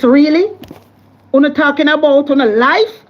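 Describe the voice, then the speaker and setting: High-pitched Jamaican woman ranting. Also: a little fast, lo-fi sound. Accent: Jamaican Patois. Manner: impassioned, scolding, repetitive. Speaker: political commentary vlogger. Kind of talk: fiery political rant.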